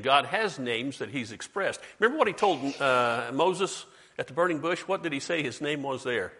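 A man's voice: on the high side, expressive, moderate pace, bright, forceful tone, breathy edge. A man preaching a sermon in a conversational way, quizzing his congregation and slipping in joking asides. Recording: long hall reverb.

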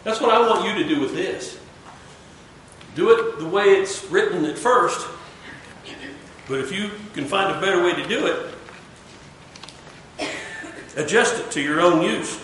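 A man's voice: high-pitched, animated, measured pace, pauses often, fairly bright tone, slight background noise. A man leading a Bible study class, questioning his students and coaching them through the text.

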